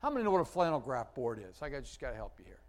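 A pastor preaches a sermon, telling stories with lively emphasis, at times booming and at times dropping to a quiet, slow tone, and he poses questions to the congregation. His voice sits in the mid range, and the recording is rough.

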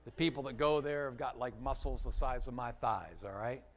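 Poor audio captures a pastor telling stories from the pulpit in a mid-range voice. He emphasizes points with energy, alternates loud moments with quiet, slow ones, and asks his congregation questions.

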